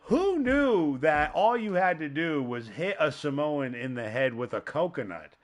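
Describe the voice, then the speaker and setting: A man hosting a podcast in casual chat, rambling and animated, laughing often. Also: fairly high pitch, measured pace. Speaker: podcast host.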